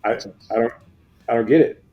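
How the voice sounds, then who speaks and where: A man's voice: mid-range voice, moderate pace, dull audio, soft background music. An American man co-hosting a casual podcast, rambling and repeating words as he starts his sentences. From United States. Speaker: podcast co-host.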